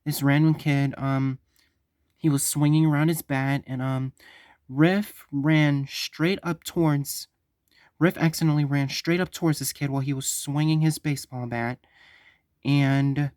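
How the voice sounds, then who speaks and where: A man telling a story on his vlog, halting and stumbling, often repeating himself. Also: fairly high pitch, fairly even intonation, a little mellow, no room sound, clean studio sound. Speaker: vlogger.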